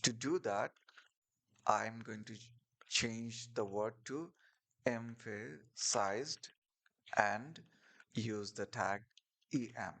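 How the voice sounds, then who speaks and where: A man's voice: fairly low pitch, a bit bright. A man teaching a screen-share coding lesson, explaining step by step with fillers and restarts over keyboard clicks. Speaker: coding tutorial instructor.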